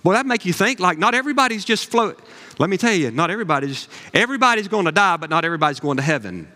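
A man, a pastor preaching a sermon with folksy stories and animated asides. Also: sits high, rapid-fire. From Southern US. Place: church sanctuary. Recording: long reverb of a large hall.

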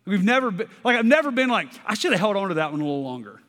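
A man's voice: sits high, sing-song, racing, a bit bright. A man in his thirties preaching a sermon in a conversational way, often checking in with "okay?" and repeating words as he restarts. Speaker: pastor. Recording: long hall reverb.

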